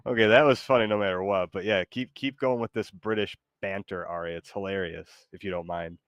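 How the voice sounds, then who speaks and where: A man's voice: sits low, steady tone, a little fast, hardly any pauses, clear, resonant tone, dry recording, muffled recording. A man streaming live, chatting with his AI co-host in a rambling way full of fillers.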